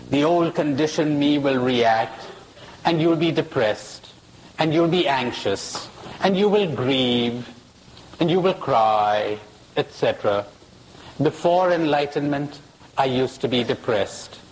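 Slow, emphatic spiritual speaker, man with a fairly high, lively voice; noisy live hall recording. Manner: slow, emphatic, playful with rhetorical questions. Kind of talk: live spiritual talk to an audience. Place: hall with an audience.

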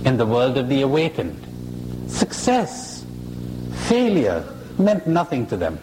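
A man giving a live spiritual talk to an audience in a hall, slow and emphatic, playful with rhetorical questions. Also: medium pitch, huge pitch swings, noisy background. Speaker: spiritual speaker.

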